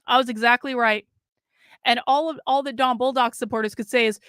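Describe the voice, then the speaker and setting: Woman streamer, blunt and opinionated, casual live commentary, clear resonant voice, higher-pitched, dry close sound. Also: fairly quick, fairly bright tone, dry recording.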